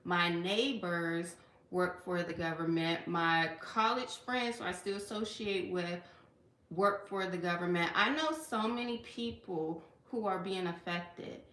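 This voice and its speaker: A federal worker from Washington DC talks earnestly on a personal livestream, often saying "okay" and "you know," and is tearful at times. Her voice is on the low side, a little slow, and a bit bright, recorded in an echoey room.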